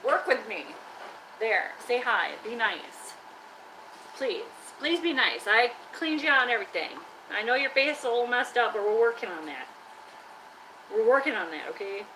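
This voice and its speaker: A woman with a bright, forceful voice that sits a little high, talking on a live stream while she works in her shop. She chats loosely and teases her trash can as if it were a pal. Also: expressive, normal speed, a little hiss or hum, rough recording. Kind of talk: casual live-stream chat. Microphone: live-stream camera mic.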